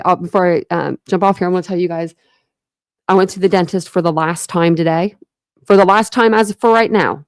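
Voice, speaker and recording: A young woman from Ohio with a mid-range, slightly mellow voice is recorded in clean studio sound with no echo. She hosts a true crime channel's casual livestream, chatting with viewers and rambling, full of fillers and restarts.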